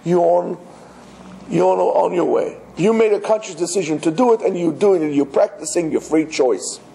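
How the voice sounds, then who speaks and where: A man's voice: high voice, moderate pace, vocal fry, dark tone, slight background noise, rough recording. A man, a rabbi, giving an emphatic religious lecture and speaking straight to his listeners with rhetorical questions. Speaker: rabbi teaching.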